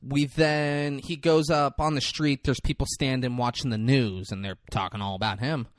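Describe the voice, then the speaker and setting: A man on a podcast casually recapping a movie plot, jumping into loud, high voices when he quotes the characters. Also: moderate pace, no echo, studio quality. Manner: animated retelling, acting out characters in quotes. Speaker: podcast co-host.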